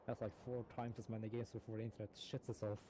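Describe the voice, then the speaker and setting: A man's voice: lowish voice, level tone, quick pace, crowd noise. A man talking casually while gaming, rambling with many fillers and casual swearing. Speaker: gamer.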